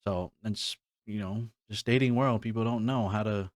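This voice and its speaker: A man's voice: on the low side, steady tone, moderate pace, dry recording, studio quality. A man hosting a podcast in casual chat, talking loosely with many restarts and fillers. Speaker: podcast host.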